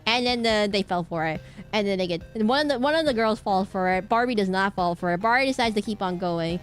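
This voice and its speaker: A woman streaming a game and talking casually, her voice sitting at an ordinary middle pitch. She rambles through lively retellings, often stopping to restart or correct herself. Faint music plays behind her. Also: fast talker. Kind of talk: casual gaming stream chatter.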